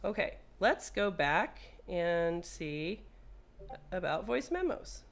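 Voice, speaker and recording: A woman's voice: lowish voice, big pitch swings, slow. Woman, repair technician, casual demo, playful, chatty, talks to the device. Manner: playful, talks to the phone, swears when frustrated.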